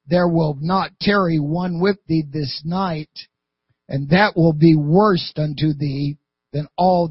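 A man reading aloud as a stern army general who is rebuking his king, in a forceful, scolding way. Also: on the high side, slightly rough, no echo, muffled recording.

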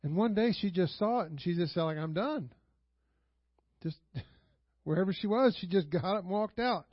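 High-voiced preacher man, chatty and dull-sounding. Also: a little fast, no echo. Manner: conversational storytelling with frequent rhetorical questions; chuckles often while preaching. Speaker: pastor. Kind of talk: sermon. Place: church sanctuary.

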